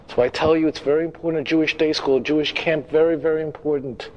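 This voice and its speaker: A rabbi lectures his congregation emphatically, repeating phrases and making direct asides to the audience. His voice is a little high and fairly even in intonation, he talks fast, and the sound is lo-fi.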